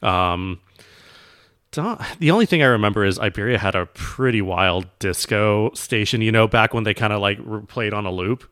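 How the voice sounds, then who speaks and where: A man in his thirties, a co-host, chatting casually in a relaxed, rambling way full of fillers. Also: lowish voice, normal speed, dry recording, clean studio sound. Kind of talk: casual chat.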